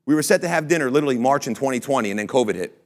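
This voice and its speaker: A young man giving a motivational talk to an audience, telling stories in a brash, boastful, energetic way. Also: medium pitch, very fast. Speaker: franchise CEO and speaker.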